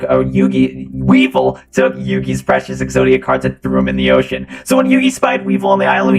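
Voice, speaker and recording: A man's voice: a bass voice, roomy sound. A man narrating a game's story casually, stumbling a little over his words. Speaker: let's play narrator.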